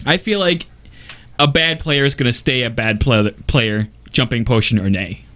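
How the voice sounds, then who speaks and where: A man's voice: mid-range voice, moderate pace, sharp tone. A man co-hosting a gaming talk show, laying out an argument step by step. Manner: argumentative, lays out a case step by step. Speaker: co-host. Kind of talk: casual podcast talk.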